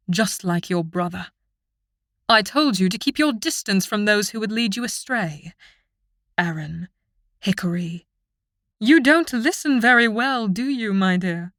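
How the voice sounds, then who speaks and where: A woman's voice: fairly high pitch, expressive, unhurried, fairly bright tone, dry recording. A woman voicing a cold, scheming fairy queen who talks down to others with silky menace, read dry and close for an audiobook. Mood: menacing.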